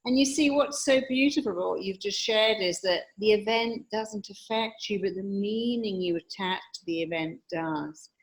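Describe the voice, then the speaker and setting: A woman talks as an interview guest. She explains her ideas in a calm, emphatic, teacherly way. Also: mid-range voice, normal speed, few pauses. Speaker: hypnotherapist and guest speaker.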